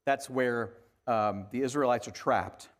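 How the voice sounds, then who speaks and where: A man delivering a sermon as a pastor, talking conversationally and swinging from hushed, quiet lines to emphatic ones. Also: mid-range voice, a little slow.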